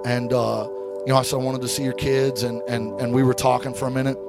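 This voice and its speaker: A man preaching a sermon to a church congregation, telling a personal story in an easygoing way and then rising into shouted, sing-song preaching. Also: medium pitch, flat delivery, fast talker, gravelly, loud music behind the voice. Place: church sanctuary.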